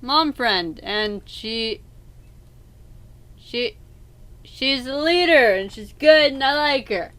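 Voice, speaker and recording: Woman, let's play host, casual chat, high voice, bright tone, emphatic, rambling. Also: expressive, slow, pauses often. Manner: argumentative, emphatic, rambling with restarts.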